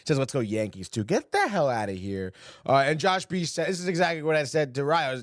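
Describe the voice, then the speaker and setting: A man's voice: a little high, sing-song, fairly quick, no room sound, studio quality. A man hosting a casual sports podcast, loose and profane, filling his talk with "dude" and "like" and mocking the headlines and quotes he reads out. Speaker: podcast host.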